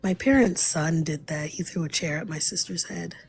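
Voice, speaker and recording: A woman's voice: low-pitched, moderate pace, darkish tone, soft background music. A woman chatting casually on a stream in a giggly, teasing way. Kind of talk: casual chat.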